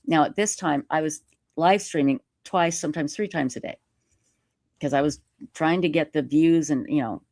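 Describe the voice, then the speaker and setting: A woman live streamer telling a story in casual interview chat, animated and self-mocking, laughing often. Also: low voice, moderate pace, no room sound, clean studio sound. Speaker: YouTube live streamer reading a letter.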